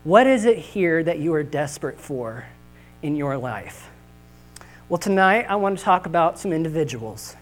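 A man's voice: on the high side, moderate pace, faint music behind, low-quality recording. A man preaching a sermon with humorous, folksy storytelling at a church service. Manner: animated, jokey, folksy.

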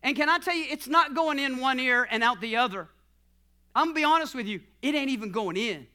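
A man preaching a sermon as pastor, building to shouted passages and then dropping to quiet, close teaching. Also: very high-pitched, animated, a little fast, smooth.

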